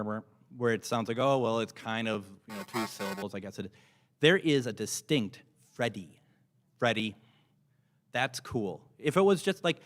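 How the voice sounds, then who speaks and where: A man's voice: fairly low pitch, a bit bright. A man talking casually to a convention audience as a paranormal investigator, chatty and enthusiastic, often restarting his sentences. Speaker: paranormal investigator giving a convention panel talk. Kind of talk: casual presentation to a live audience. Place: convention panel room. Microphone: microphone in front of him. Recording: noisy room recording with clicks.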